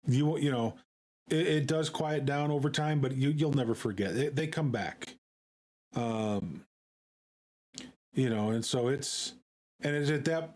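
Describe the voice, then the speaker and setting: A man streaming, talking in a casual, halting way with many fillers and repeated words. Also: medium pitch, a little mellow. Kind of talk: casual live-stream chat.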